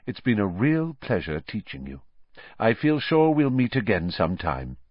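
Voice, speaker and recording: A man voicing a kind, weary male wizard teacher who speaks gently and warmly. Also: fairly low pitch, sing-song, a little slow, dry recording. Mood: fond. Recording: slightly dull lo-fi audio.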